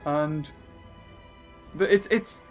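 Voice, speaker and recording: A young man giving excitable let's play commentary, yelling and swearing at the game over its music. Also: fairly high pitch, extremely slow. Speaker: gaming channel host. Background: video game music.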